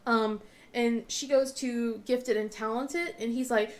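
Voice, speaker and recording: A woman in her thirties talks casually as she crafts, her voice sitting a little high. She rambles, restarts her sentences often and acts out what others said. Her mouth is sore while she speaks. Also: fairly even intonation, takes it slowly. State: mouth in pain. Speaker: vlogger and crafter.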